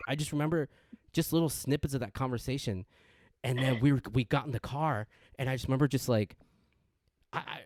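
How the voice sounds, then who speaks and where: A man's voice: dry recording, clean studio sound. A young man co-hosting a podcast, telling a story in casual chat with lots of restarts and quoted voices. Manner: animated, acts out quotes with big pitch jumps; frequent restarts and stammers. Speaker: podcast co-host.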